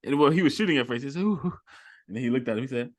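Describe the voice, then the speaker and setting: A man hosting a casual movie chat, excitable, laughing often and repeating himself. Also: medium pitch, very fast, no echo. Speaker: podcast host.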